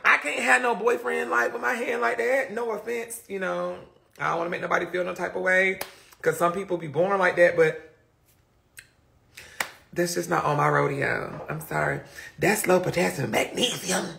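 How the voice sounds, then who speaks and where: A man's voice: sits high, normal speed, vocal fry, slight background noise. A man live-streaming casually, telling stories to viewers in a sassy, dramatic way. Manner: animated, dramatic storytelling with lots of laughing; sassy, slangy, talks straight to viewers. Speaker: livestreamer.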